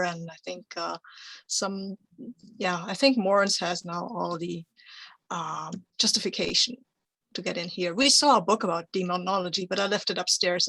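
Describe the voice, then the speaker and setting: A woman's voice: fairly low pitch, fairly bright tone, no room sound. A woman playing a tabletop role-playing game, talking in a rambling, hesitant way while speaking partly in character. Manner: rambling, hesitant, full of fillers. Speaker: player. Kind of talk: casual in-character play.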